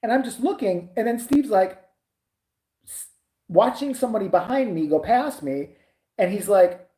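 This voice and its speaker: A woman vlogger telling a story to camera, animated and full of swearing. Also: medium pitch, moderate pace, roomy sound. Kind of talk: storytime anecdote.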